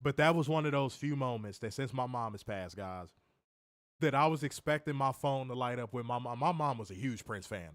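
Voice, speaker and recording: A man co-hosting a wrestling review, his voice worn and hoarse, ribbing his co-host with profane mock threats. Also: mid-range voice, lively intonation, fairly quick, a bit bright, dry recording, clean studio sound. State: losing his voice. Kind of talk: casual podcast banter.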